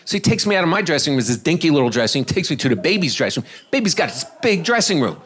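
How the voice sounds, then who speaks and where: Chuckling stand-up comedian telling a story. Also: male voice, fairly high pitch, rapid-fire, breathy edge. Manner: animated, chuckling, acting out voices. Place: comedy club stage.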